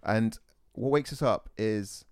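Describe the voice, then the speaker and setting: Young male podcaster, lowish voice, lively, foul-mouthed, in a dry room. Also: clear, resonant tone, dry recording. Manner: animated, swearing, quick retorts. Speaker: podcast host. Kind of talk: casual storytelling chat.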